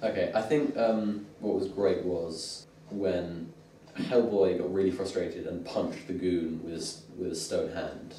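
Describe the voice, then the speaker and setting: A man hosting a casual comic review, retelling scenes in an animated way. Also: low-pitched, a little slow, a little hiss or hum. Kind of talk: casual chat. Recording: echoey room, mic at a distance.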